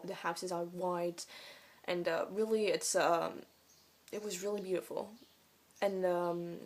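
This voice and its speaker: A young vlogger, French by mother tongue, answers questions in English in a relaxed video. Her voice is on the low side, and her talk wanders and hesitates, packed with fillers.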